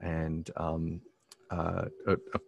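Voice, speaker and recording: A man, a pastor telling a story as a guest in a casual conversation, halting often with "um" and restarting his sentences. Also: sits low, monotone, gravelly, slightly rough, highs cut off.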